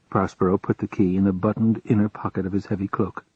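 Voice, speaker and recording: Husky male audiobook narrator. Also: sits low, dry recording. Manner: calm, measured storytelling. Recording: dull lo-fi home recording.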